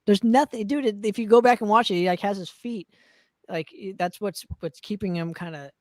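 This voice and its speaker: A man's voice: high-pitched, fairly even intonation, brisk, no room sound. Enthusiastic man in casual music chat. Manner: enthusiastic, rambling, swears casually. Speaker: podcast co-host. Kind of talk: casual chat about records.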